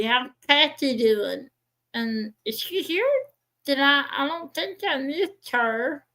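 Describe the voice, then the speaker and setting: Woman, livestream host, casual chat, unhurried, greets viewers by name. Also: fairly high pitch, vocal fry, sharp tone, rough recording.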